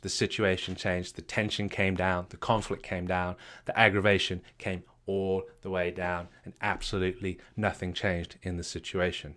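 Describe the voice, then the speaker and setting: Low and sharp, this man's voice drives an emphatic, repetitive motivational talk as a marriage coach. He peppers the listener with questions.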